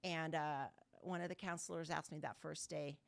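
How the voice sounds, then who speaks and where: Blunt, low-voiced woman sharing her recovery. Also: fairly even intonation, normal speed, gravelly, no echo. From Southern California. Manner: candid and blunt, with casual swearing. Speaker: guest speaker. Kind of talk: recovery meeting personal story. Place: online video call meeting.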